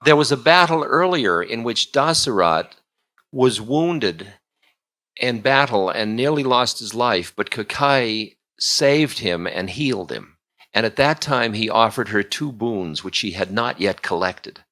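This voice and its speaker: A man's voice: mid-range voice, lively intonation, a little slow, pushed and bright. A man telling a bedtime story casually, with chatty asides to his listeners.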